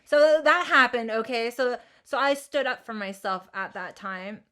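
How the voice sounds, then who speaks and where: Young woman telling a story, animated. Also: a little high, measured pace. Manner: animated, swears freely, many fillers and restarts. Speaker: podcast co-host. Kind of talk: casual storytelling chat.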